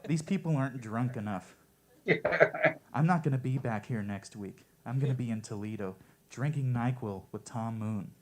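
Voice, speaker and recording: At a coffee shop open mic, a man delivers stand-up one-liners in a deadpan, offhand style. His pitch is medium and his pace moderate.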